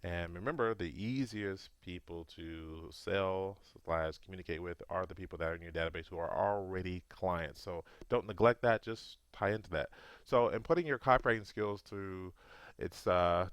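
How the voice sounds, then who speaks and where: A man with a low, smooth voice walks viewers through a marketing lesson in a loose, conversational way, often stopping to rephrase himself. The sound is dry and close, with no room around it. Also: moderate pace, a bit bright, dry recording. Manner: conversational, loose, repeats and self-corrects. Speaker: marketing officer giving a lesson. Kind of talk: casual video tutorial.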